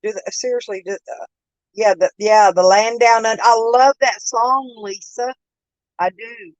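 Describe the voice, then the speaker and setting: A woman's voice: on the high side, steady tone, a little slow, dry recording, rough recording. A woman, chatting casually with viewers on a live stream, laughing often and calling them by name. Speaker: host of a live chat stream. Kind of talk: casual chat. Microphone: phone.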